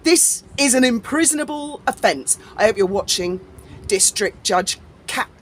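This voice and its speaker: A woman delivers a fired-up vlog rant, sarcastic and swearing as she goes. Her fairly high voice swings widely in pitch. A faint noise sits under the recording. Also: expressive, measured pace, fairly bright tone. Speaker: YouTube commentator. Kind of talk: angry ranting vlog.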